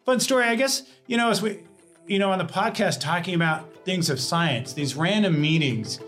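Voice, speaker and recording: A male scientist guest telling a story in a podcast interview, lively and laughing as he acts out the people he quotes. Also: high-pitched, normal speed, soft background music.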